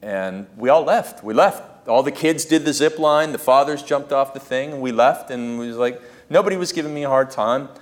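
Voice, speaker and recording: A man talking as a podcast guest, telling stories in a lively way and acting out what he and others said. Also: mid-range voice, brisk. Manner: animated, acts out his own quotes and screams. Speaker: podcast guest, entrepreneurship coach. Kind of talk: casual interview storytelling.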